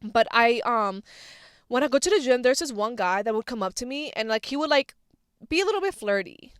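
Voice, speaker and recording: A woman's voice: a little high, lively intonation, brisk, clean tone, no echo, studio quality. A young woman in her twenties hosting her own podcast, chatting candidly, laughing often and swearing freely. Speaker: podcast host. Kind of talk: casual chat.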